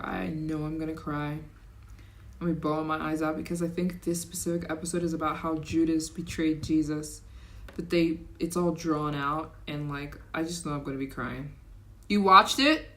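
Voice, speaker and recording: A young woman hosting a casual livestream, chatting excitably and reacting to viewer comments. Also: sits low. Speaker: livestream host.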